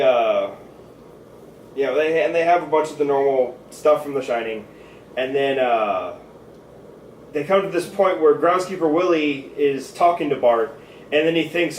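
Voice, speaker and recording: Rambling man in a roomy room. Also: on the high side. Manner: rambling, many fillers and restarts. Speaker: podcast co-host. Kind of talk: casual chat. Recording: roomy, distant mic with faint noise.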